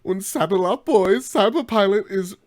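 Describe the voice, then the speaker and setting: A man reading a game blurb as a put-on German-accented male announcer, loud and exaggerated in a trailer-style way. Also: sits high, normal speed, voice pushed up, close to an everyday voice. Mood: hammy.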